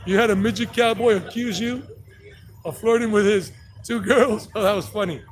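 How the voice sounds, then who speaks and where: Man in his fifties, high-pitched, brash rambling storyteller, walking tour, loud street noise. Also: fairly even intonation, moderate pace, rough recording. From South Carolina, USA. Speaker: tour guide vlogger. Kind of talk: casual walking-tour chat. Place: outdoors on a city street.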